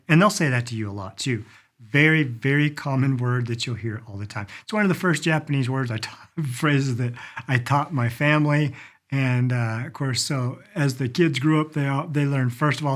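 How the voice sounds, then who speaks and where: A middle-aged man giving a casual spoken language lesson, lively, acting out polite phrases as he goes. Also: medium pitch, moderate pace. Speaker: language teacher.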